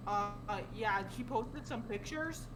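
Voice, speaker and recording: A woman's voice: a little high, a little slow, fairly bright tone. A woman chatting on a game stream, mock-dramatic and swearing freely. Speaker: stream co-host. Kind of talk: casual chat and comic journal reading on a game stream.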